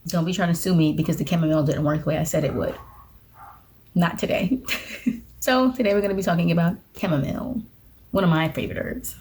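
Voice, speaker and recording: Chatty, mellow-voiced young woman vlogger. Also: on the low side. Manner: chatty and self-deprecating, laughs at her own slips. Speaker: witchcraft vlogger. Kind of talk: casual talking-head vlog.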